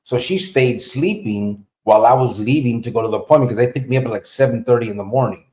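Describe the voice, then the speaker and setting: A man's voice: mid-range voice, fast, a little mellow. Profane storytelling man, roomy sound. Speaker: podcast host. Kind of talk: casual storytelling. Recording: roomy echo.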